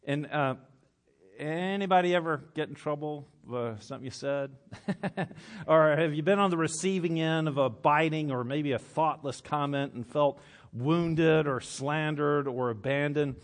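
A man's voice: fairly high pitch, measured pace. A male pastor giving a conversational sermon to a congregation, often restarting his phrases and reading scripture aloud. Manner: conversational, self-correcting, reads old scripture aloud. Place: church with congregation.

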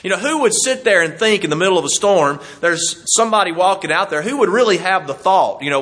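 A man's voice: sits high, animated, fast, hardly any pauses, fairly bright tone. A man preaching a sermon in a folksy, conversational way, chuckling as he teaches.

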